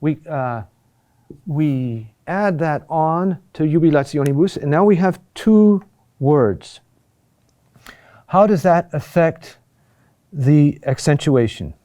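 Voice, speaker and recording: A man teaching a recorded lesson on Latin chant, explaining patiently and often checking in with a quick "huh?". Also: fairly high pitch, animated, dark tone.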